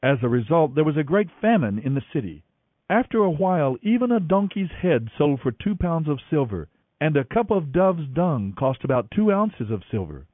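A man presenting a radio Bible program, explaining scripture in a measured, teacherly way and reading passages aloud. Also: a little high, sing-song, dry recording. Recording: dry, phone-like narrow radio sound with faint music.

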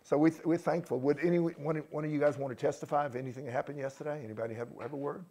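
A man leading a church gathering as pastor, praying fervently and then recounting the day's outreach, with frequent praise words and halting restarts. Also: a little high, steady tone, mellow. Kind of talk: prayer and church testimony.

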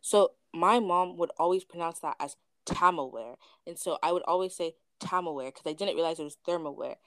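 A woman's voice: lowish voice, no echo. A young woman telling stories in a casual chat, acting out what people said. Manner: quick storytelling with acted quotes. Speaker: discussion prompt reader. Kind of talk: casual conversation.

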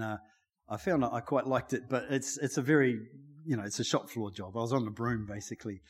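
Chatty new man giving testimony. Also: medium pitch. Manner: warm, chatty, laughs often, emotional. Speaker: lay preacher. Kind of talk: personal testimony before a sermon.

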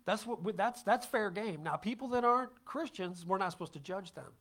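A man's voice: high voice, animated, a little fast, fairly bright tone. A man preaching a casual, conversational sermon as pastor, chatty and self-deprecating, often checking in with his congregation.

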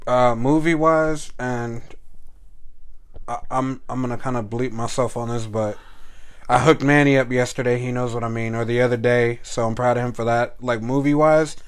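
A man's voice: medium pitch, fairly even intonation, moderate pace, clean tone. A man co-hosting a podcast, chatting casually and telling rambling, profane stories. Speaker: podcast co-host. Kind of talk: casual chat.

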